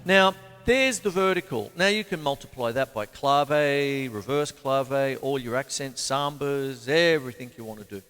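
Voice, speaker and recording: A man's voice: mid-range voice, animated, normal speed, few pauses, music in the background. Chatty Australian man teaching drums. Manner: chatty, rambling, counts beats aloud. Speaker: drum teacher. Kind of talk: casual drum lesson with playing. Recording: long reverb, loud drum kit behind. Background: drum kit playing.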